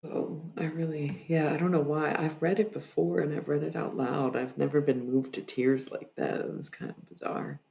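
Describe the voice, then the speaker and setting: Gravelly streamer voice, mid pitch, reads own poem all dreamy then just kinda rambles softly on a desk mic. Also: level tone. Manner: dreamy, deliberate reading; soft, rambling chat with many "like"s. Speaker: livestreamer. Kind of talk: reading own prose poem aloud, then casual livestream chat.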